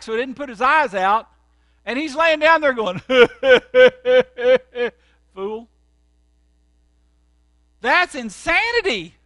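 A man, a pastor, preaching a sermon and telling stories dramatically, jumping from loud outbursts to hushed, quiet lines. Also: very high voice, dry recording.

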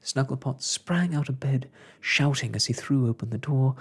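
A man reading a children's storybook in a soft-spoken ASMR style, slow and hushed. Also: mid-range voice, husky.

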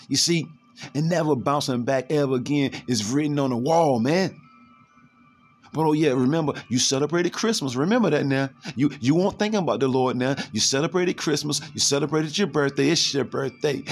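Fervent street preacher man with slang. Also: a little high. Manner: fervent, slangy, repeats words, reads verses slowly then rants fast. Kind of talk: impassioned scripture preaching.

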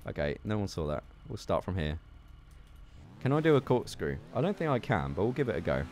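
A young man giving excitable gameplay commentary as a gaming video host, swearing and laughing at his mishaps. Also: low-pitched, brisk, slight background noise. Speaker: gaming YouTuber.

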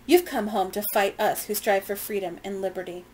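A woman's voice: mid-range voice, fairly even intonation, fairly quick, natural voice, low-quality recording. A stern, commanding militia officer who accuses and orders without hesitation, as a woman reading a novel aloud puts him on. Faint background noise sits under the read.

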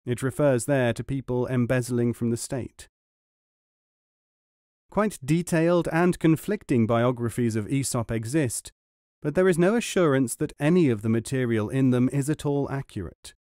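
Measured male audiobook reader, dry sound. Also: mid-range voice, dark tone, no room sound. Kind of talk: scripted narration.

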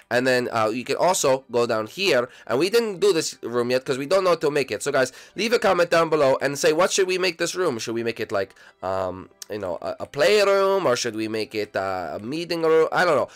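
A man's voice: mid-range voice, lightly acted. A man voicing a cheerful cartoon plumber giving a house tour, casual and rambling with lots of fillers. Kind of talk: Minecraft fan role-play video.

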